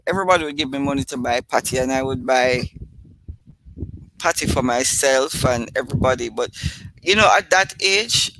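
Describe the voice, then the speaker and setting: Middle-aged Jamaican woman host, bright and chatty, casual storyteller. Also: low-pitched, slight background noise, rough recording. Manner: chatty, laughs at her own stories. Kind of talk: casual live-stream storytelling.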